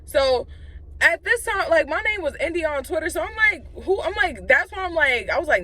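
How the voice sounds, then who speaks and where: A young woman tells a story for her vlog in a casual, profane rush, leaning hard on fillers. Her voice sits a little high and leaps up and down with lively swings. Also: fairly quick. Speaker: vlogger.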